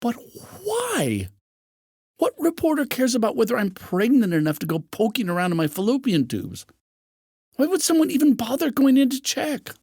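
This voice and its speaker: A man voicing an upset young wife who speaks in a raised, pleading pitch in an audiobook. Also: huge pitch swings, normal speed, a little mellow, breathy edge, dry recording, clean studio sound, full character voice. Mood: distressed.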